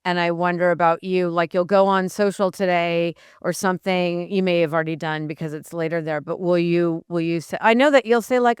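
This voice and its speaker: A woman hosting an interview, chatty with animated asides. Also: lowish voice, brisk, few pauses, smooth, no room sound, studio quality. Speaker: host. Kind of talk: interview conversation.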